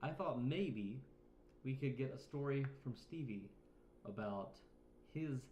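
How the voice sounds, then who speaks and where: Man, co-host, animated sing-song voice, mid pitch, echoey room. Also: takes it slowly, a little hiss or hum.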